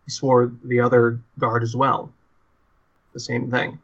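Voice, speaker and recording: A man voicing a weary, secretive male weasel-like creature guard in a tabletop role-play, talking in halting stops and restarts. The audio is slightly muffled. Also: mid-range voice, monotone, vocal fry, fairly bright tone. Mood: uneasy.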